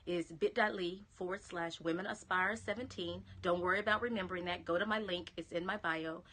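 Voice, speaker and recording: A woman's voice: lowish voice, fairly even intonation, fairly quick, sharp tone, slight background noise. A woman with a Southern American accent giving an encouraging live-stream pep talk, chatting to viewers and dropping to a whisper on key phrases. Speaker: motivational speaker. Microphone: phone or webcam live stream.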